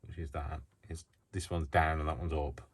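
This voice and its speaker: A man's voice: extremely low pitch, level tone, moderate pace, breathy edge. A man making a casual craft video, rambling and joking at himself as he works. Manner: rambling, self-mocking, talks to himself while working. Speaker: craft vlogger. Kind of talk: casual chat while crafting. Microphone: built-in camera mic, mic not working. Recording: noisy home recording.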